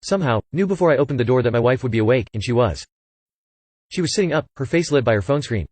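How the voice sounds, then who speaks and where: A man's voice: mid-range voice, fast talker, no room sound. Man narrating a horror story, dry close mic. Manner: reads punctuation aloud, flat and even.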